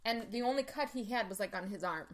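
A woman's voice: mid-range voice, fast talker, a crowd in the background. A woman in casual conversation, telling stories animatedly with lots of "like" fillers. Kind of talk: casual chat.

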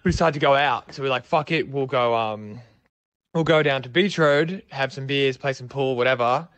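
A man's voice: mid-range voice, normal speed, fairly bright tone, dry recording. Young australian man, rambling slangy storytelling, dry close sound. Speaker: storyteller guest. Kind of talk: casual storytelling.

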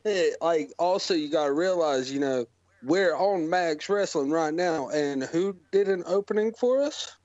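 A man's voice: a little high, animated, unhurried, a little mellow, no room sound, highs cut off. A man co-hosting a wrestling podcast, joking good-naturedly with the others. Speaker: podcast co-host. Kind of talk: casual chat.

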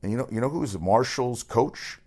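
A man running through sports news as a radio host, rambling, excitable and swearing often. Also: mid-range voice, normal speed. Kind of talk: casual sports news rundown.

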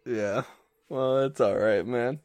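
A man's voice: medium pitch, slow, darkish tone, no room sound. A man hosting a casual comedy podcast, joking and laughing often with his co-host.

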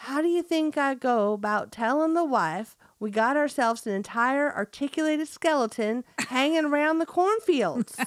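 A woman's voice: high voice, lively intonation, moderate pace, few pauses, dry recording, clean studio sound, pitched above the performer's own voice. A woman voicing folksy rural male farmers with a put-on Southern country accent, drawling and giggling through the lines. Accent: put-on Southern rural American.

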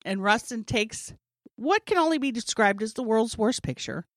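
A woman's voice: a little high, normal speed, no echo. Forties woman telling a funny story, does all the voices, laughs a lot, dry close mic. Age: 40s. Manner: animated storyteller, acts out quotes, laughs often. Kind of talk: casual storytelling chat.

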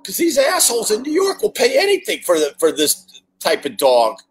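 A man's voice: high voice, huge pitch swings, moderate pace, slight background noise. A man hosting a casual livestream, chatting to viewers and reading their comments, joking crudely and swearing often.

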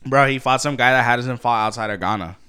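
A man's voice: medium pitch, brisk, pushed and bright, smooth. A man in casual chat, swearing a lot and mocking his friend with sarcastic banter.

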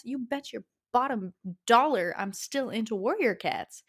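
A young woman with a Canadian accent talks through a casual solo podcast. She is passionate and chatty, and her pitch climbs at the end of her phrases. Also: expressive, unhurried. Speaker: podcast host.

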